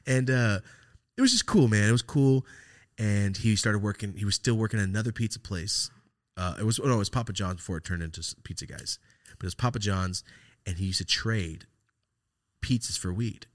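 Lower-voiced man telling profane stories. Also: fairly quick. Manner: profane, animated, acts out voices in his stories. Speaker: podcast host. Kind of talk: casual storytelling chat.

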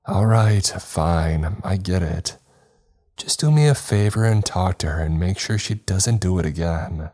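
A man's voice: deep voice, lively intonation, a little slow, a little mellow. A man voicing a worried adult wife in a scary story, speaking in an anxious, pleading way. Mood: exasperated.

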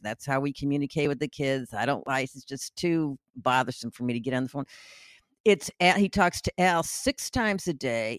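A woman from Chicago chatting casually on a podcast, animated and teasing, talking fast. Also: low-pitched, no echo, studio quality. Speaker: co-host, political commentator's wife. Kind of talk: casual chat.

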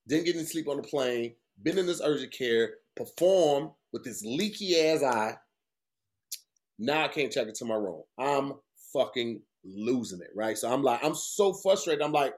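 Profane, storytelling podcast host. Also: male voice, mid-range voice, moderate pace. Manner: profane, animated storytelling with voiced quotes. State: tired. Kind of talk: casual storytelling.

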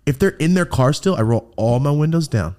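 A man's voice: fairly high pitch, a little fast. Profane young man telling stories. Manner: profane, animated storytelling with laughs and put-on voices. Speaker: guest storyteller. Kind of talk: casual podcast chat.

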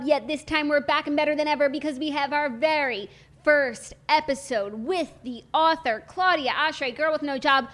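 Bubbly high-voiced woman hosting a podcast. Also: normal speed. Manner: playful, lively hostess banter. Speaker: podcast host. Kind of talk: casual chat.

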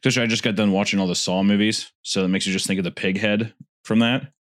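A man's voice: on the low side, fairly even intonation, fast talker, no room sound, clean studio sound. A young man co-hosting a podcast in casual chat, rambling and swearing, with lots of filler words. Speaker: podcast co-host.

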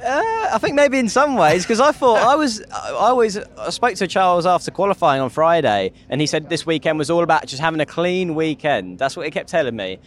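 A young man, a racing driver guest, talking outdoors in a paddock in a rapid, rambling way with many restarts. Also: on the high side, very animated. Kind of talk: casual trackside chat.

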